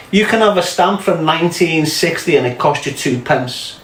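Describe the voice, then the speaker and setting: A man's voice: on the high side, expressive, moderate pace, a bit bright, a little hiss or hum. A man with a Scouse accent, chatting to viewers on a livestream, swearing a lot and telling loose stories. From England. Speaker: livestream host. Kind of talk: casual livestream chat. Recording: echoey room with music behind.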